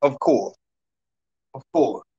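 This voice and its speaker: A man's voice: mid-range voice, expressive, takes it slowly, mellow, lo-fi sound. A man hosting a call-in podcast, ranting profanely and challenging a commenter. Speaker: podcast host. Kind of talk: heated call-in podcast talk.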